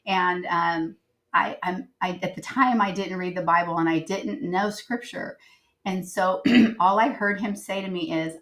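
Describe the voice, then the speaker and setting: A woman's voice: lowish voice, steady tone, a little slow, a bit bright, low-quality recording. A woman guest on a podcast, telling a personal story earnestly and reflectively, with many fillers. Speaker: guest, writer and editor.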